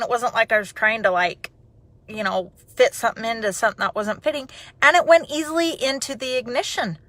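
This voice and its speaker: A woman telling a personal story in a chatty, animated way, then turning it into an encouraging message. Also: a little high, fairly quick, no room sound. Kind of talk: personal storytelling and motivational talk.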